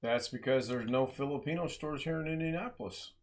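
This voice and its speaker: A man from the United States hosts a casual live stream from his home setup. He talks in a loose, rambling way, with frequent laughs and side comments, at an ordinary pitch for a man. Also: fairly quick. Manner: chatty, laughs often, rambling asides.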